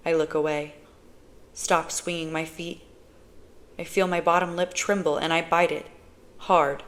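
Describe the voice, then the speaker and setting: A woman reading a novel aloud, narrating in first person in a measured way. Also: sits low, fairly even intonation, fairly bright tone. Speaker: audiobook reader.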